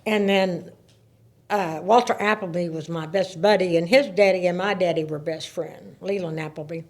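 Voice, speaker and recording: A woman in her seventies, a podcast guest, telling stories in a casual, animated way, laughing and repeating words as she talks. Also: on the low side, normal speed. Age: 70s. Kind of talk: casual storytelling.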